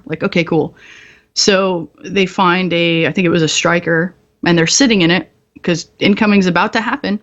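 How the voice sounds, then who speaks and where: Here a military veteran guests on a podcast, her lowish voice fairly even in intonation at a moderate pace, the audio dull. Her casual storytelling is frank and profane, with frequent laughter.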